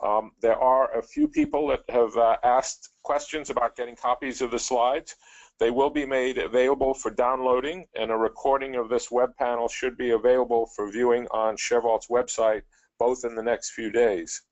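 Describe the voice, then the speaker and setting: A man's voice: mid-range voice, normal speed, darkish tone. A man moderating a webinar, giving polite closing remarks with frequent "um" fillers, over dull lo-fi call audio.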